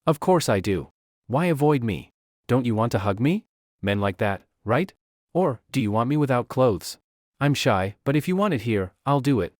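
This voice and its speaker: An obsessive young vampire woman speaks in a storybook recap, played by a male narrator in a dry close recording. She is clingy and devoted one moment, cold and possessive the next, and her declarations come out intense and lively. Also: medium pitch, normal speed, dry recording, close to an everyday voice. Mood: pleading.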